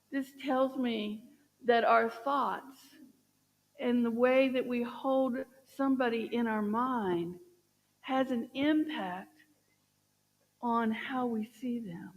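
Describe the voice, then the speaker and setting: A woman minister giving a sermon, gently encouraging and asking her listeners questions. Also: fairly high pitch, slow pace, pauses often, big-room sound, poor audio. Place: church sanctuary.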